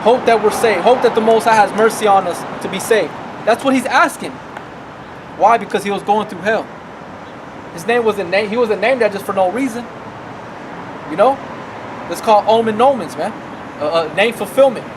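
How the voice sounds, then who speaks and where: High-voiced man preaching on a noisy street. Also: moderate pace, pauses often. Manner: emphatic, repetitive, often adds "man" and "right". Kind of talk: preaching a sermon.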